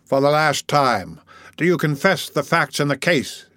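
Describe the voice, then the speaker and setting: A man's voice: on the high side, animated, unhurried, no echo. A man playing a silky, caressing church prosecutor. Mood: coaxing. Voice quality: soft, caressing, unruffled. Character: falsely gentle middle-aged male church prosecutor.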